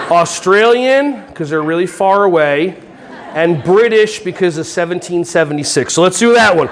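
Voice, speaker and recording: High-voiced playful man leading a workshop. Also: animated, a little slow. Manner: playful, joking with the audience. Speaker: workshop presenter for teachers. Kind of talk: live workshop talk. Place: workshop room with an audience.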